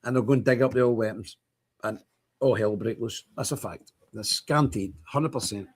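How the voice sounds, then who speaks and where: A man's voice: mid-range voice, moderate pace, husky. A man hosting a livestream, talking bluntly and emphatically, chuckling often. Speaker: livestream host. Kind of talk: casual ranting monologue.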